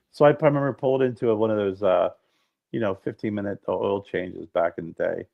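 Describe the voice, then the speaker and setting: Male podcast co-host, gravelly, lively storyteller, lo-fi sound. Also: on the low side, quick pace. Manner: animated storyteller, swears freely. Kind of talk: casual chat. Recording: dull lo-fi sound.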